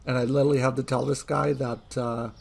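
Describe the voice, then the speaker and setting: A man's voice: mid-range voice, level tone, fairly quick, creaky. A young man, chatting casually over gameplay and rambling through stories from his retail days. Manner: chatty, rambling anecdotes with frequent laughs. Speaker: gaming streamer. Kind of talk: casual gameplay commentary and storytelling.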